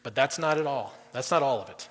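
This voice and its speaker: A middle-aged man preaching a sermon as guest pastor, conversational, swinging between loud emphasis and quiet drops. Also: mid-range voice, a little fast, husky. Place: church auditorium. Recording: long reverb in a large hall.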